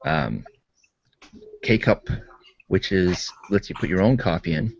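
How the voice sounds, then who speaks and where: A man's voice: deep voice, sing-song, slow pace, vocal fry, highs cut off, slight background noise. A Canadian man co-hosting a casual chat, explaining everyday things in a methodical way that trails off. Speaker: podcast co-host.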